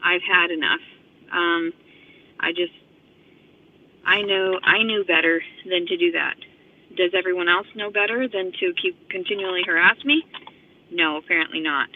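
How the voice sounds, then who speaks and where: A woman's voice: lowish voice, moderate pace, pauses often, a little hiss or hum. Woman vlogger, profane rambling rant, slightly out of breath, thin phone-line audio. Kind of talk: rambling monologue to camera. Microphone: phone camera.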